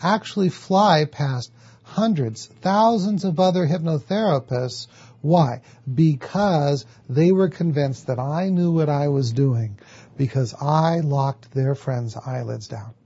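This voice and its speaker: Husky man teaching hypnosis technique. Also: fairly high pitch, takes it slowly, dark tone, lo-fi sound. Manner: explanatory, asks and answers his own questions. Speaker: hypnotherapy instructor. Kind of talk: teaching lecture.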